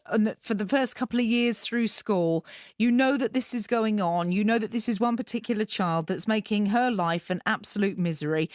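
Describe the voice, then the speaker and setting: A woman's voice: mid-range voice, dry recording. A woman hosting a radio phone-in, sympathetic and indignant in tone, on a close studio microphone. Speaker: radio host. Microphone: close studio mic.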